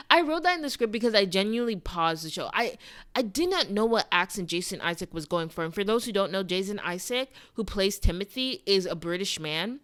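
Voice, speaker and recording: A woman's voice: medium pitch, fairly bright tone. Wry woman reviewing a TV episode. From South Florida. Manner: opinionated, wry, with frequent asides. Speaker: TV review vlogger. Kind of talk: scripted review monologue.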